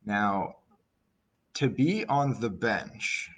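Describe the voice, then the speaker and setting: A young Canadian man with a Canadian accent, an English teacher giving a chatty, relaxed vocabulary lesson full of asides. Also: lowish voice, very slow.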